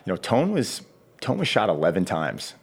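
A man's voice: low-pitched, huge pitch swings, moderate pace, gravelly, husky. A man, a fitness coach, chatting casually on a podcast and telling stories, acting out the back-and-forth of his conversations. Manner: storyteller acting out quoted dialogue.

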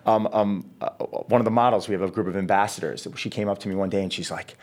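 A man's voice: fairly low pitch, steady tone, fast, few pauses. A man, a fitness coach, chatting casually on a podcast and telling stories, acting out the back-and-forth of his conversations. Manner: storyteller acting out quoted dialogue.

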